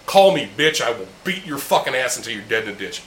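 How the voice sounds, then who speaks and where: A man's voice: medium pitch, expressive, fast talker, bright, forceful tone. A man hosting a casual podcast chat, talking bluntly and heatedly with heavy swearing while sharing beers with friends in a room. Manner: blunt, heated, heavily profane. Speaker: podcast host. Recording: roomy echo, faint background hum.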